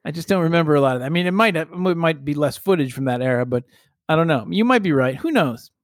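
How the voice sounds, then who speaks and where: A man's voice: fairly high pitch, expressive, quick pace, no room sound, studio quality. Musing man in casual chat. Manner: musing and rambling, playful banter.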